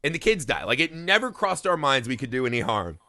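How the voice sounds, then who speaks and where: A man in his thirties from Indiana, co-hosting a podcast and telling a story in animated, profane casual chat. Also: mid-range voice, a little fast, no echo. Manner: animated storytelling, heavy swearing, laughing. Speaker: podcast co-host.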